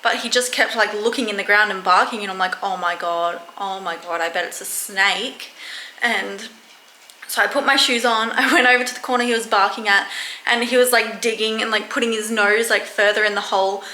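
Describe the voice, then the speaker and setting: A young woman talking casually to camera in her vlog, chatty and self-mocking, quick to laugh. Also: a little high, steady tone, pushed and bright, a little hiss or hum. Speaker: vlogger. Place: room at home. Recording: echoey room.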